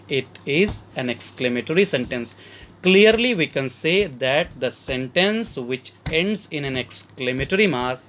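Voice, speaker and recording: A man's voice: a little high, fairly bright tone, a little hiss or hum. Indian man teaching a slide lesson. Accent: Indian English. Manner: addresses listeners as friends, explains step by step. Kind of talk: slide-based grammar lesson.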